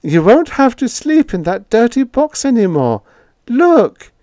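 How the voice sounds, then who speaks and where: A nosy, kind-hearted old landlady who chirps and frets in a thin, high voice, as a man puts her on. Her pitch leaps around in a lively way. The sound is close and completely dry, like a storybook read aloud. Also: measured pace, no room sound. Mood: chirpy eager. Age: older. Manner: chirpy, flustered, high falsetto. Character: fussy meddling elderly female landlady.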